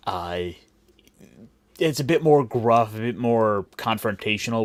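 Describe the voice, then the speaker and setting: Raised in Cleveland and Puerto Rico, this podcast host talks in an unhurried, fairly low voice on a dry recording. His casual chat wanders, full of jokes, self-interruptions and restarts.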